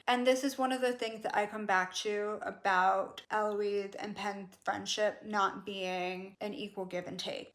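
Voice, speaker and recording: Gushing chatty woman vlogger. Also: medium pitch. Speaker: book vlogger. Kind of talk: casual chat.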